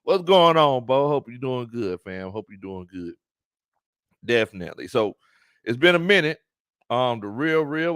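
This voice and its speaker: A man hosting a live sports talk stream, animated, laughing often and greeting his chat. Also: mid-range voice, clean tone, no echo, clean studio sound. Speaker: sports talk show host.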